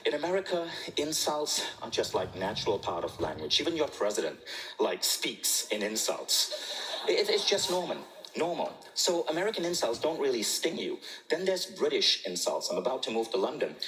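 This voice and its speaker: Middle-aged male storyteller, bright and clear, playful and animated delivery. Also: medium pitch, normal speed, low-quality recording. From Malaysia. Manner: jokey, animated, laughs at own jokes. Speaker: speaker telling a personal story. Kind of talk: humorous storytelling talk.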